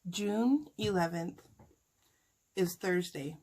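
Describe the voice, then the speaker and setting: A woman's voice: on the low side, slow pace, darkish tone, slight background noise. Woman, mukbang vlogger, casual heartfelt chat, emotional, talking while eating. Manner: emotional, sighing, tearful at times; talks with food in her mouth.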